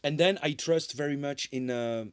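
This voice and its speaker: A man giving a conference lecture as a composer, talking in an animated way, often tagging sentences with "eh?" and restarting phrases. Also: on the high side, normal speed, clear, resonant tone, no echo. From France. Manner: animated, tag questions "eh?", frequent restarts.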